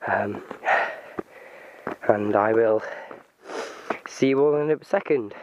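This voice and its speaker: A man's voice: on the low side, dull audio, noisy background. A man vlogging on a walk up a hill, rambling with lots of ums, holding the camera himself. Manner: rambling, halting, many ums. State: out of breath. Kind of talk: casual vlog while driving and walking. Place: outdoors on a wooded hill. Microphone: handheld camera.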